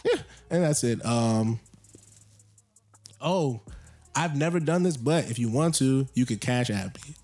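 Animated young man ranting casually. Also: mid-range voice, a little slow, pauses often, faint music behind. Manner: rambling, joking, animated rants. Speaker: podcast co-host. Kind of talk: casual chat.

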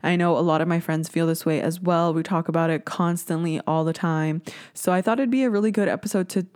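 A woman's voice: lowish voice, steady tone, fairly quick, a little mellow, clear, resonant tone. A woman in her twenties with a Canadian accent, hosting a casual solo podcast, chatty and swearing freely. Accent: Canadian English. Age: 20s. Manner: chatty, swears freely, slips into mocking voices. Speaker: podcast host.

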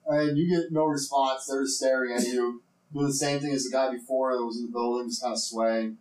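A man's voice: medium pitch, fairly even intonation, fairly quick, darkish tone. A man running a tabletop game as game master, narrating loosely with hesitations and fillers. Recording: roomy room with faint noise.

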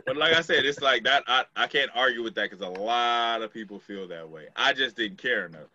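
A man's voice: medium pitch, lively intonation, a little fast, sharp tone, dull audio. A man co-hosting a podcast, talking loosely and emphatically, swearing freely among friends. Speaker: podcast co-host. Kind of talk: casual chat.

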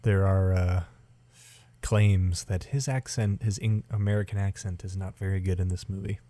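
A man's voice: low-pitched, moderate pace, dry recording. Dry-sounding man chatting about a movie. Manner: relaxed, opinionated, dry joking. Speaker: podcast co-host. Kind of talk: casual movie watch-along chat.

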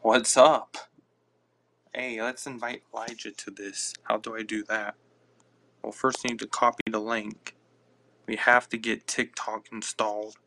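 A man's voice: fairly low pitch, level tone, normal speed, gravelly, bright, forceful tone. A man hosting a casual live podcast on his phone, rambling and reacting aloud to listener comments. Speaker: podcast host.

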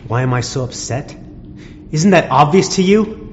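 A man's voice: fairly high pitch, animated, normal speed, natural voice. An actor playing a resentful working husband who scolds his wife sarcastically, in a dull, echoey recording with faint noise behind. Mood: bitter. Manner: bitter, sarcastic, rising to angry outbursts. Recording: dull muffled sound, long reverb, faint room noise.

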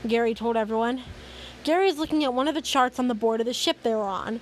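A young woman with a high voice reads a fan story aloud, tripping over words and correcting herself. She breaks off now and then for dry, sarcastic remarks, with faint noise behind her. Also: brisk, rough recording. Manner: sarcastic asides, stumbling and self-correcting. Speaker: host reading fan fiction. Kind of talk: reading fan fiction aloud with commentary.

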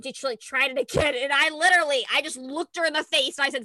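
A woman's voice: high voice, fast talker, no room sound, clean studio sound. A young woman telling stories in a casual chat, acting out voices and laughing often. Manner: animated storytelling, acts out voices, laughs a lot, swears.

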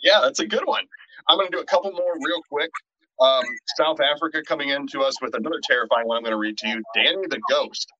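A middle-aged man co-hosting a horror podcast in casual chat, animated, tripping over restarts and swearing freely. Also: fairly high pitch, fast, a little hiss or hum. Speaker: podcast co-host. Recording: dull, lo-fi and dry.

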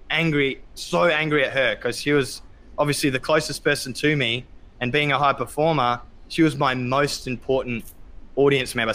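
A man, talking as a guest, sharing a personal story openly with many ums and loud acted-out quotes. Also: medium pitch. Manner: open, reflective, many ums, acts out quotes loudly. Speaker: podcast guest. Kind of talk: candid conversational storytelling.

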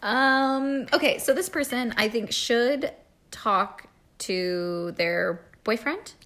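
A woman's voice: on the high side, slow, a bit bright. A woman co-hosting a casual podcast, speaking frankly, laughing often and giving advice. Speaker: podcast co-host. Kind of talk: casual chat.

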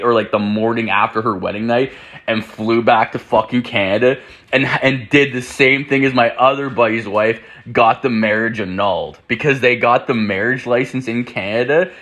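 A young man with a bright, forward voice at an ordinary middle pitch. He tells a story in loose, profane fashion and keeps quoting his friend. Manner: profane, rambling, filler-heavy retelling of a friend's words. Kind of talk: casual storytelling.

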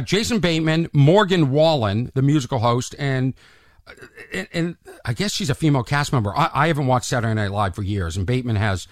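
A male comedian delivers an exasperated rant to camera, stuttering through restarts as he piles on complaints. His voice sits high and swoops widely. The sound is dry and close, with no room around it. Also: no echo. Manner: animated, exasperated, stammering restarts. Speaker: stand-up comedian hosting a rant segment.

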